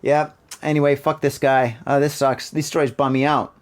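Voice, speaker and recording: A man hosting a podcast, reading news stories and riffing on them in an animated, profane, joking way. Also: medium pitch, normal speed. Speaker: podcast host. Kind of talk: casual news commentary.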